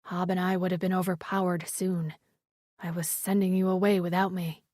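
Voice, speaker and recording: A woman voicing a gruff, protective male warrior who speaks in a low, clipped growl. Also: flat delivery, moderate pace, darkish tone, no room sound, studio quality, natural voice. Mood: stern.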